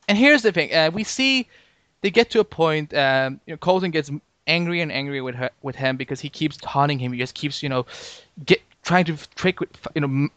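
A man co-hosting a podcast in casual chat, talking excitably with many restarts and jumping up in pitch when he disagrees. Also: clean tone, dry recording. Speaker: podcast co-host.

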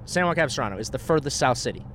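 Brief: young SoCal-raised guy, lively storyteller, heavy on "bro" and "dude", faint road noise. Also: medium pitch, rapid-fire. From Southern California. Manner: animated, swearing, says "bro" and "dude", laughs often. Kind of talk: casual storytelling to a friend. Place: inside a moving car.

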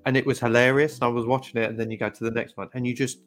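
Brief: man, casual podcast co-host, lively storyteller, middle-pitched voice, faint music behind. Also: very fast. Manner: storytelling, acts out quoted voices. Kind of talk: casual chat.

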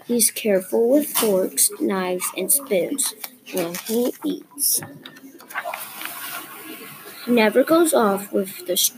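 A woman reading a children's picture book aloud in a careful, measured way. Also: mid-range voice, animated, background noise. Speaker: story reader.

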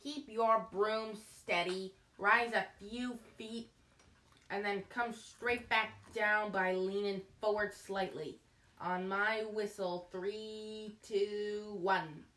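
A woman voicing a stern, tough female flying teacher, loud, slow and commanding, in a roomy room with a distant mic. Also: lowish voice.

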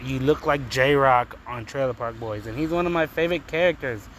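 A man's voice: medium pitch, moderate pace, fairly bright tone, slight background noise, low-quality recording. A man hosting a podcast in a casual, comedic solo monologue, swearing freely and rambling with lots of fillers. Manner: profane, rambling, frequent fillers. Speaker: podcast host.

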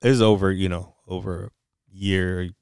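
A man's voice: low voice, fairly even intonation, moderate pace, creaky, a little mellow, clean tone, no room sound, clean studio sound. A man co-hosting a casual chat, telling a confessional story with lots of swearing.

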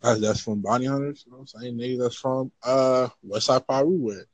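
A man's voice: mid-range voice, brisk, darkish tone, no room sound, low-quality recording. A man from Los Angeles chatting casually, rambling with lots of fillers as he explains his point. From Los Angeles area. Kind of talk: casual chat.

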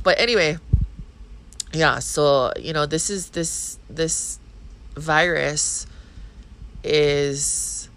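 Low-voiced but fairly bright in tone, this thirtysomething woman speaks with a Hawaiian Pidgin accent as a podcast host. She rambles bluntly and profanely in a casual monologue, and the rough recording carries slight background noise.

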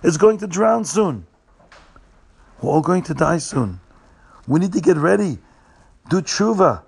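A man voicing a frightened male passenger on a ship in a told story, with a husky, gravelly voice. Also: fairly high pitch, animated, a little slow, darkish tone, voice pushed up, exaggerated voice. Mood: alarmed.

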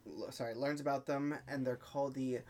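A man's voice: mid-range voice, fairly even intonation, a little fast, a little mellow, a little hiss or hum. A man co-hosting a podcast in casual chat, recapping a TV episode's plot step by step with frequent filler sounds. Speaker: podcast co-host.

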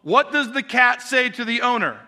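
A man's voice: extremely high pitch, expressive, normal speed, sharp tone. A male pastor preaching a conversational sermon in a church sanctuary, talking the congregation through an illustration and posing questions to them. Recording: long hall reverb.

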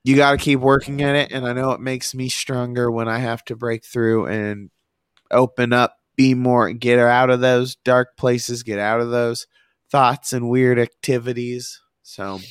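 A male podcast host speaks slowly and haltingly in casual chat. His voice sits close and dry, with no room sound. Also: medium pitch, flat delivery, smooth, no room sound. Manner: halting, loses his train of thought.

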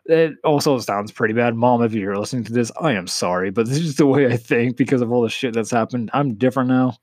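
An eighteen-year-old man talks through his own story on a solo podcast, candid and rambling, with plenty of swearing. His voice sits at an ordinary pitch for a man. The sound is dry and close, with no room around it. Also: fast, few pauses, darkish tone, no echo. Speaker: podcast host. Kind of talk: casual solo podcast confession.

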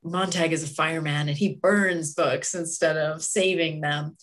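A woman who is a book club regular, explaining her thoughts in a calm, considered way. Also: low-pitched, moderate pace. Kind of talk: casual book club chat.

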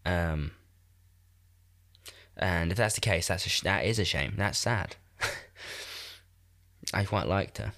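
Podcast host, twenties, stuffed-up nasal cold voice, low-pitched, loose self-mocking ramble. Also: male voice, slow pace, long pauses, sharp tone. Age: 20s. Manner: rambling, self-deprecating, laughs often. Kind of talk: casual chat. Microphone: new podcast microphone.

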